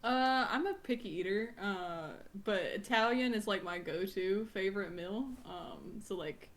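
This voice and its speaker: A young woman from the American South, a streamer guest chatting casually and laughing often. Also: mid-range voice. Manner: quick, laughing and conversational. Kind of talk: casual chat.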